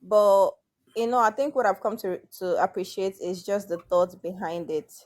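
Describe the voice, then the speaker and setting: A woman's voice: mid-range voice, fairly even intonation, darkish tone. A woman appearing as a guest on a casual show, talking reflectively and sometimes drawing out her words. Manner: reflective, often stretches words out slowly. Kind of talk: casual chat, sharing opinions.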